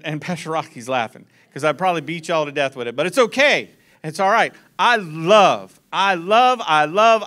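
High bright voiced pastor guy, animated storytelling, keeps checking in with the crowd. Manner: animated storytelling, calls to the congregation. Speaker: preacher. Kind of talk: sermon.

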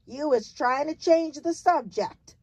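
BFG, woman doing a booming giant. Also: animated, unhurried, darkish tone, no room sound. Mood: stern. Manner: jumbled grammar, booming and emphatic. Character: big friendly male giant, muddled, kindly.

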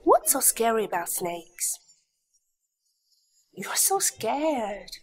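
An actress playing a sharp-tongued young mother who teases and talks briskly. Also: fairly high pitch, big pitch swings, exaggerated voice. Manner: teasing and brisk. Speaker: young mother, lead heroine. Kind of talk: short drama acting.

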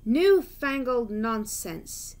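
A pompous storybook express engine, as a woman puts him on, sniffing and wheezing with scorn. His lines come slow and loud, a bit lower than the reader's own bright voice. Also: fairly even intonation. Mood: scornful.

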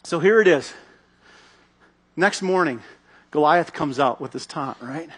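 Husky, high-voiced man preaching. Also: normal speed, pauses often. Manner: animated storytelling, acting out scenes. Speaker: pastor. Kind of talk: sermon.

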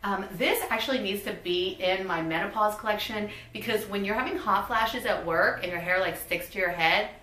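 A woman's voice: medium pitch, moderate pace, hardly any pauses, sharp tone, roomy sound, recorded from a distance, rough recording. Bubbly chatty woman in her fifties. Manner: bubbly, chatty, reads product labels aloud. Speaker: beauty vlogger. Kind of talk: casual unboxing chat.

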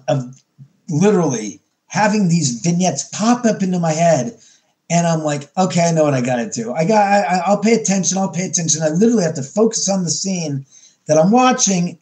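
A man's voice: on the high side, mellow. A middle-aged man, a podcast guest, tells a story with animation, acting out his own lines and often restarting sentences. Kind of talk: storytelling interview.

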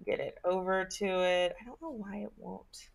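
A woman's voice: medium pitch, normal speed, creaky. A woman co-hosting a casual chat podcast, chatty and giggly, often stumbling over hard words. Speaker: podcast co-host.

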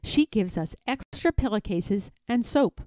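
A woman reading a children's picture book aloud in a playful, expressive, emphatic way. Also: mid-range voice, measured pace, no room sound. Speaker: read-aloud narrator.

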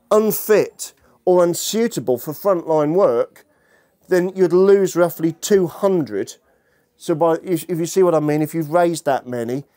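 Bantering with the room, a male historian delivers a chatty, humorous lecture full of jokey asides. His voice is on the high side with a darkish tone.

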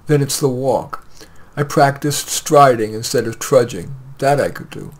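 A man reading his own short story aloud in a plain, measured way with light hesitations. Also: medium pitch.

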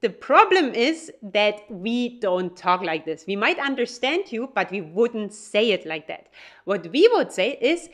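Woman, German accent, upbeat teacher, fairly high voice, encouraging, slows for example phrases. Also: big pitch swings. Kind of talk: YouTube language lesson.

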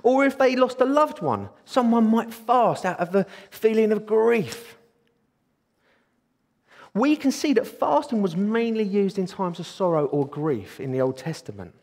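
A man preaching a sermon in a church, excitable and eager. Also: sits high, unhurried. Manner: excitable, bursts into exclaiming. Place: church hall. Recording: long hall reverb.

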